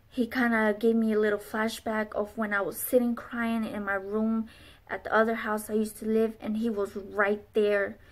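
Young adult woman, slightly high voice, earnest rambling testimony-style vlog delivery. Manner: earnest, rambling with many fillers. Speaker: vlogger. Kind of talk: personal testimony.

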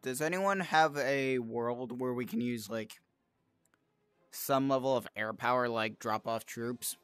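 A man in an online voice chat who talks very slowly and draws out his questions. His voice is bright and sharp, with lively ups and downs in pitch. The sound is close and dry, with faint music. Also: clear, resonant tone, no echo. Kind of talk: casual group voice chat.

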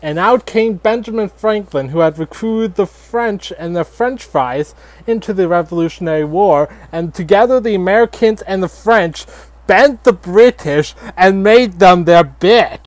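A man voicing a grandfatherly animatronic fox who tells a satirical history lesson in a halting, filler-heavy ramble. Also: high voice, no room sound. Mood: rambling. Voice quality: halting, filler-heavy, lots of likes and restarts. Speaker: storyteller grandfather. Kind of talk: casual satirical storytelling.

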